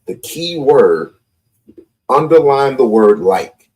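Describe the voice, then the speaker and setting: A man's voice: lowish voice, sing-song, measured pace, a little mellow. A man hosting a live call-in stream, talking confrontationally and repeating his points. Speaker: livestream host.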